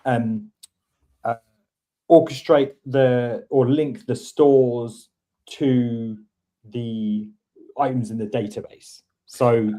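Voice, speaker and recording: A man's voice: mid-range voice, steady tone, very slow, mellow. A man hosting a casual coding chat, thinking aloud and rambling with many restarts. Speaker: host teaching coding. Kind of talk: casual screen-share chat.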